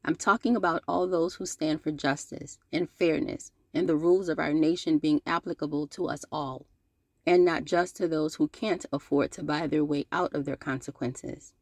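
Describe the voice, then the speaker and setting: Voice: mid-range voice, fairly even intonation, moderate pace, no room sound. A channel host reading a scripted open-letter commentary, sarcastic and scolding, with playful slang and direct address.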